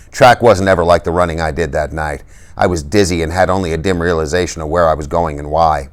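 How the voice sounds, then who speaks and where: Man narrator, very low voice, steady and subdued, reads a novel for a class. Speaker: reader. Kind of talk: reading a novel aloud for a class.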